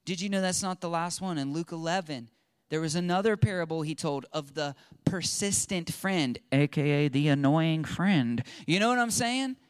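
Animated high-voiced male preacher. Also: moderate pace, clear, resonant tone, no room sound, clean studio sound. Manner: animated, acts out quotes, swings from loud to hushed. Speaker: pastor. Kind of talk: sermon.

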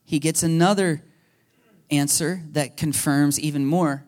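A man preaching a sermon as a pastor, telling stories with lively energy and acting out conversations with God. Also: on the high side, measured pace. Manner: animated storytelling, acting out dialogue with God. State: a little emotional.

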